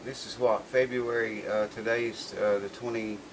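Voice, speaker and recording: A man's voice: on the low side, flat delivery, moderate pace, background noise. Rambling folksy man with lots of "uh"s. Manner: rambling, folksy, full of "uh" fillers. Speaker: guitar repair video maker. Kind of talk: casual vlog chat.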